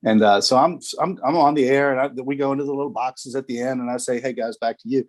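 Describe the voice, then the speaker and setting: A man's voice: mid-range voice, fairly even intonation, fast talker, darkish tone. A man around sixty, a TV sports director, telling stories on a video call interview. He laughs often and repeats words as he starts his phrases. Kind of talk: casual storytelling in an interview.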